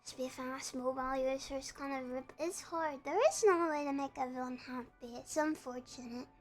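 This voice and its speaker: A woman's voice: high voice, steady tone, moderate pace, soft background music. A woman streaming live, chatting casually and greeting viewers by name in a bubbly way.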